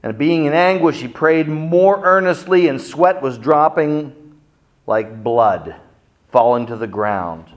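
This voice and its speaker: Man, middle-aged, pastor, sermon, dramatic storyteller, animated pitch. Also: slow, highs cut off. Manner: dramatic storytelling, acts out quotes with big swings in volume.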